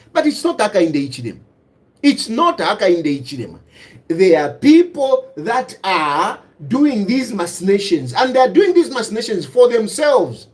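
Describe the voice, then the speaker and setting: A middle-aged man giving an impassioned, scolding political monologue, repeating himself and switching between English and Bemba. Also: extremely high pitch. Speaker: political commentator.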